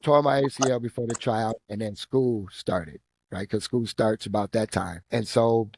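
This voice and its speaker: A middle-aged man with a Midwestern American accent, a podcast guest telling football stories in a lively, casual way. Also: moderate pace, vocal fry, noisy background. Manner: animated storyteller, acts out quotes with rising pitch. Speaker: guest, former football player and coach. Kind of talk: casual storytelling interview.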